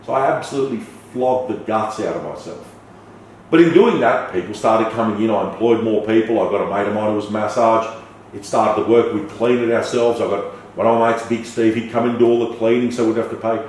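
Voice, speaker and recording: Heard from a distance in a reverberant room with slight noise, a middle-aged man with a lowish voice talks a little quickly. He's a guest on a podcast, spinning lively anecdotes, cursing and performing the voices of the people involved.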